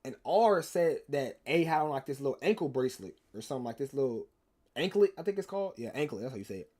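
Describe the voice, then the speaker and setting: A man's voice: medium pitch, animated, quick pace, a little mellow. A young man, telling a rambling, slangy story to his stream chat and teasing viewers. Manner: rambling, slangy, repeats himself, teases chat.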